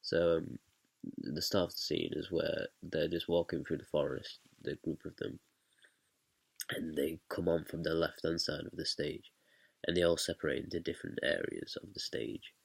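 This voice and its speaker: A man's voice: very deep voice, normal speed, creaky, slightly rough, dry recording. A young man casually explaining how he directed a stage scene, hesitant, with many fillers and restarts. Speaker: student director.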